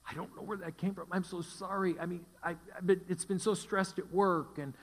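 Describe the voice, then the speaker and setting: A broken, tearful husband pleads over and over, his voice pushed high and strained as he begs not to be left, acted out by a preacher. The sound rings with the long reverb of a church hall. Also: steady tone, brisk. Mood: pleading. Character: distraught husband pleading for forgiveness.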